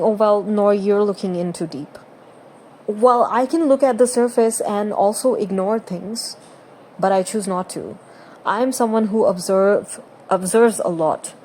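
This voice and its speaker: A woman's voice: medium pitch, warm tone, slight background noise. A woman who makes gaming videos, talking through her opinions in casual, earnest and emphatic commentary.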